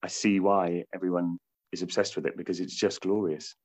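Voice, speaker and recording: Low-voiced British man, laughing and rambling. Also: flat delivery, fairly quick, darkish tone. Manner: rambling, laughs often, many restarts. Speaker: stage actor playing a comedian. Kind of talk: casual interview chat.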